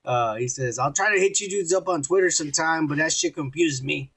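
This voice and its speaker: A man's voice: fairly high pitch, a little fast, a bit bright, slightly rough. A man co-hosting a casual drinking podcast, profane and rowdy, reading out viewer comments.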